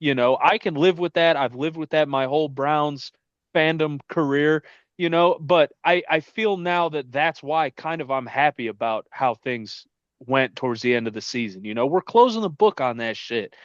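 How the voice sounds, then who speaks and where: A man co-hosting a casual sports chat, talking in an animated, profane, mocking way. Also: on the high side, normal speed, no echo, lo-fi sound. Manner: animated, profane, mocking, rants with quoted jeers. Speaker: podcast co-host.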